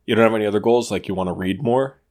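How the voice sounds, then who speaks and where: A man's voice: on the low side, rapid-fire, darkish tone. A young adult man co-hosting a podcast in casual chat, joking and teasing with some swearing. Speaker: podcast co-host.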